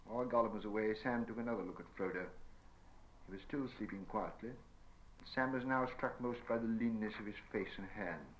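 A man reading a fantasy story aloud in measured storytelling narration. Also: lowish voice, low-quality recording. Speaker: audiobook narrator. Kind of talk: scripted narration.

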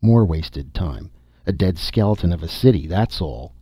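Man voicing a gruff impatient explorer. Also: low-pitched, lively intonation, normal speed, dark tone, dry recording, studio quality. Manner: blunt, impatient.

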